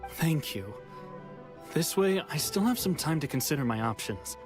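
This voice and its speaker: An actor voicing a grateful, hesitant young man in hiding in a game, speaking softly. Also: on the high side, expressive, normal speed, music in the background, natural voice. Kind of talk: game voice acting.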